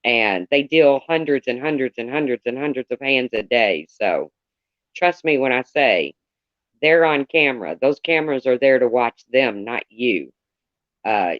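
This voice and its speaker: Man, casual livestreamer, chatty and candid, muffled lo-fi audio, mid pitch. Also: no room sound. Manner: rambling and candid, greets viewers by name.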